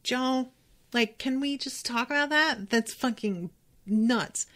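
Excitable, swearing young woman podcast host. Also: a little high, slow. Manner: excitable, swearing, animated retelling with voiced characters. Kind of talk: casual book recap podcast.

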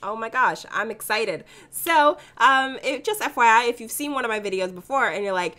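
A young woman hosts a let's play. A sore throat has made her voice hoarse, but it still sounds bright and forward. She chats in a bubbly, gushing way, like she is talking to friends. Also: on the high side, expressive, moderate pace, few pauses. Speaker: gaming channel host. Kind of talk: casual let's play commentary.

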